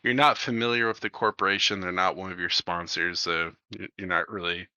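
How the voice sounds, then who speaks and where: A man's voice: sits low, fairly even intonation, fairly quick, sharp tone, clean tone, dry recording. A man narrating a tabletop game as game master, talking loosely with lots of fillers, on a dull muffled desk mic.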